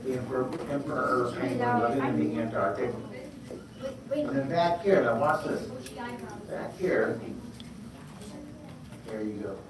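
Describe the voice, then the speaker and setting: An upbeat man leads a class of children through a drawing lesson, cheering them on and calling for answers in a medium-pitched voice. He is heard from a distance in a very echoey school hall. A clear layer of background noise sits underneath. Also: unhurried, long pauses, crowd noise. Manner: energetic, encouraging, call-and-response. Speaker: drawing teacher.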